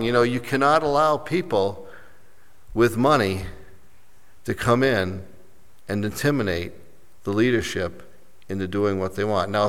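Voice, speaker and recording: A man preaching a sermon as pastor, rising to emphatic points and dropping softly after them. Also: on the low side. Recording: long reverb of a large hall.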